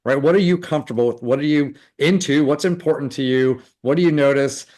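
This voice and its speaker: A man's voice: mid-range voice, fairly quick, a little mellow. A man giving recruiting advice in a live webinar, talking loosely with lots of fillers and restarts. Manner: loose, rambling talk full of fillers and restarts. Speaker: recruiting coach. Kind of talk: live webinar coaching session.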